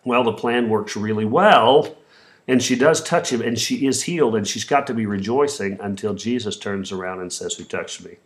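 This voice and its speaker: Male pastor, lowish voice, sermon delivery, acts out quotes, some stumbles. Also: moderate pace. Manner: retells the story with voiced quotes, some restarts.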